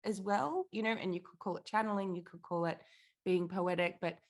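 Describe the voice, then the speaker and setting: A woman's voice: on the low side, fairly even intonation, a little fast. A jet-lagged woman with an Australian accent, a spiritual writer talking in a laid-back, rambling way. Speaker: guest, spiritual teacher and writer. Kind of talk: casual interview chat.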